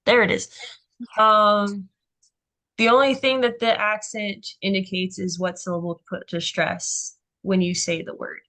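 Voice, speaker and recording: Woman Greek tutor, slow and encouraging, with lots of fillers. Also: medium pitch, level tone, sharp tone. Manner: encouraging, unhurried, with frequent fillers. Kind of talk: online tutoring session.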